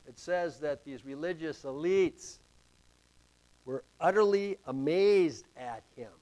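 A man preaching a sermon to a congregation, slow and emphatic, with dramatic rises in pitch and volume. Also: darkish tone. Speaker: pastor.

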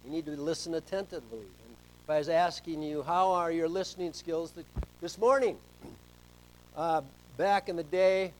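A middle-aged man preaching a sermon as pastor, telling stories and swinging between soft asides and loud emphasis. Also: fairly high pitch, slight background noise, low-quality recording.

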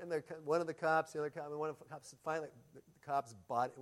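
A man's voice: a little high, fast. Man preaching with swinging volume. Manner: storytelling, swings between loud emphasis and quiet asides. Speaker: pastor. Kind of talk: sermon.

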